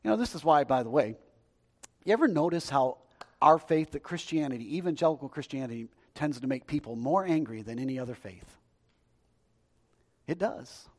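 A man preaching a sermon, telling stories in a lively, conversational way with jokes aimed at the congregation. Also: a little high, moderate pace, long pauses, in a large hall. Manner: storytelling, lively and conversational, joking aside to the congregation. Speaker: pastor.

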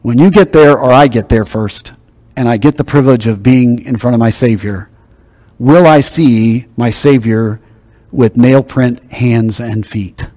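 A man's voice: medium pitch, measured pace, warm tone. A man preaching a sermon, teaching in a conversational, emphatic way. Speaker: pastor.

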